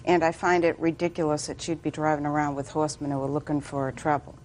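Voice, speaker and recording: Woman plaintiff, low and indignant; quick-tempered testimony. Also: little pitch movement, darkish tone, a little hiss or hum. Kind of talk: courtroom testimony.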